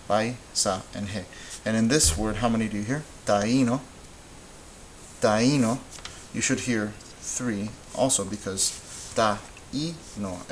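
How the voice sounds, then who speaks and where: A man teaching Spanish in a relaxed, patient way, thinking aloud as he works through examples. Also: on the low side, a little hiss or hum, poor audio. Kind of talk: informal classroom explanation.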